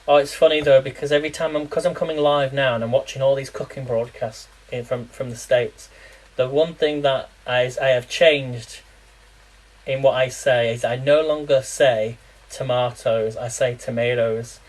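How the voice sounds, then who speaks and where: A man's voice: mid-range voice, steady tone, moderate pace, poor audio. A man from talks loosely to a live audience while he cooks. His chat rambles, often breaks into laughs, and keeps turning into little word quizzes for the viewers. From England. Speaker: live-streaming home cook. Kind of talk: casual live cooking chat.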